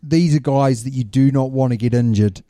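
A man with a very dark, mellow voice co-hosts a casual podcast chat. He explains at length and lays out questions for his co-host. The sound is dry and close. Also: medium pitch, moderate pace, no room sound.

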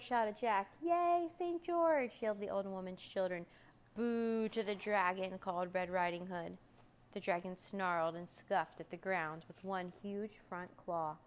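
Female narrator, slightly low voice, animated children's-story read-aloud. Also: poor audio. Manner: lively, voicing characters with raised pitch for shouts.

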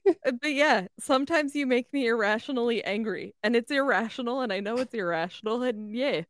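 A woman's voice: on the high side, fairly quick, no room sound. A woman co-hosting a podcast in casual chat, playful and giggly. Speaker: podcast co-host.

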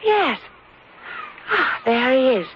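A woman's voice: high-pitched, very animated, takes it slowly, exaggerated voice. A fragile melancholy young lady. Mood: wistful. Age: young adult. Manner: wistful, fragile. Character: delicate, pale, melancholy young lady in mourning. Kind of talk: 1940s radio acting. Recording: muffled old radio recording with hiss.

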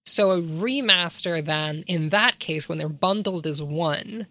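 A woman's voice: lowish voice, measured pace, sharp tone, no echo. A woman talking through an idea in an academic way, asking rhetorical questions as she explains. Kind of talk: casual analytical discussion.

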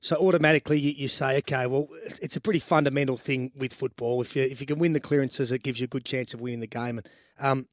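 A man's voice: medium pitch, fairly even intonation, fast talker, no echo, studio quality. A middle-aged Australian man on sports radio, explaining football tactics in a rambling way and restarting his sentences as he goes. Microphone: studio microphone.

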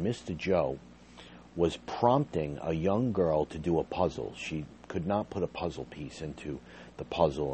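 A man's voice: low voice, mellow, a little hiss or hum. A man earnestly recounting, in an emotional personal story, how he was fired from his job as a behavior therapist. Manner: earnest, agitated retelling with rising intensity.

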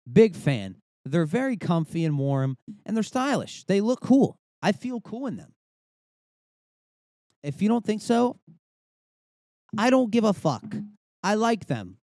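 A man's voice: a little high, a little mellow, dry recording, clean studio sound. A young man hosting a podcast, ranting casually with swearing and rambling asides. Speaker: podcast host. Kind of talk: casual comedic rant.

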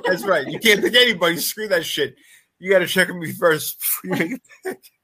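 A man's voice: high voice, animated, a little fast, sharp tone, breathy edge. A man co-hosting a podcast, chatting casually and joking with friends, laughing often. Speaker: podcast co-host. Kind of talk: casual fantasy football chat.

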